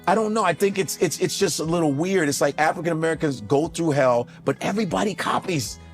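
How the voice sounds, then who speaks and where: A man in a casual podcast chat, ranting in a profane, joking, animated way. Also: fairly high pitch, fast talker, soft background music.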